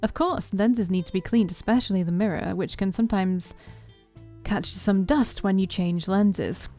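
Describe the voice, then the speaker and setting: A woman's voice: mid-range voice, moderate pace, mellow, faint music behind, natural voice. A woman reading the lines of a cheerful, teasing young woman photographer while playing a story game. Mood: upbeat. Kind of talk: reading a visual novel aloud.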